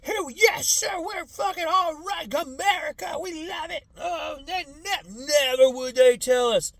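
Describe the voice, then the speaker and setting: A man voicing a loud, gung-ho older American man who shouts frantically. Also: measured pace, heavily acted. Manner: shouting, high-pitched and frantic.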